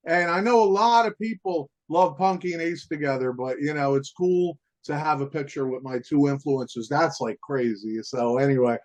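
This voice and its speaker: A man's voice: fairly high pitch, normal speed, few pauses, a little mellow. A male musician guest tells his stories in a loose, rambling way, leaning on fillers and casual asides. His voice sits a little above the usual male range. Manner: rambling, filler-heavy, peppered with "man" and "you know". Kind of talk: casual storytelling in an interview.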